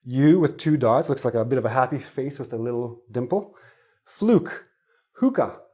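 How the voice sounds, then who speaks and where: A man teaches English pronunciation in a chatty, easygoing way. He keeps asking his viewers questions as he works through examples. His voice sits at an ordinary middle pitch. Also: a little fast, warm tone. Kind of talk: online pronunciation lesson.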